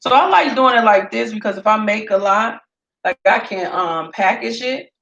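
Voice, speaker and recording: A woman, chatting in a casual cooking vlog and telling lively stories while she cooks in her home kitchen. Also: medium pitch, moderate pace, dull audio. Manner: storytelling, animated, laughs often. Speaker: home cook vlogger. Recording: echoey room with faint noise.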